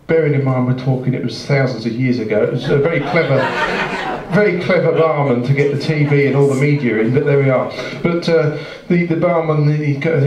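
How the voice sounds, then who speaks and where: A man's voice: medium pitch, a little mellow. Guy rambling thru a long joke on stage, lots of um and restarts, distant and echoey club sound. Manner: rambling, self-interrupting, chuckling. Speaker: bandleader telling a joke on stage. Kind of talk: rambling live joke telling. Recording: roomy, distant, dull live club sound.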